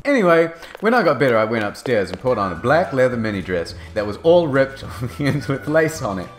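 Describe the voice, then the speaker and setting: A man narrating a fanfic as a comedic dramatic reading, in a mock-earnest deadpan. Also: medium pitch, brisk, soft background music.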